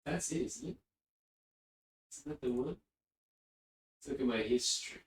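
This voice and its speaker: A man's voice: medium pitch, very animated, measured pace. Rambling male streamer, roomy and off-mic. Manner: rambling, easily distracted, chatty. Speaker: live streamer. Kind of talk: casual chat. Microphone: desk mic, often spoken from a distance. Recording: roomy echo, distant from mic.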